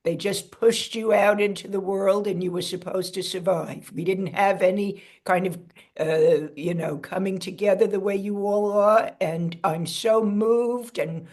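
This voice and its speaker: A woman's voice: medium pitch, steady tone, a little slow, a little mellow, close to an everyday voice. A woman playing a chatty elderly great-aunt who rambles in folksy asides and is bewildered by technology, on a video call. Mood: doting. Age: older.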